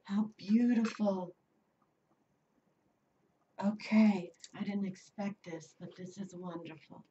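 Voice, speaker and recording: A woman's voice: on the low side, fairly even intonation, a little slow, hardly any pauses, mellow. A woman doing a tarot reading on video, talking casually and often adding "you know" and "okay?". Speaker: tarot reader. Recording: slightly distant, dull lo-fi sound.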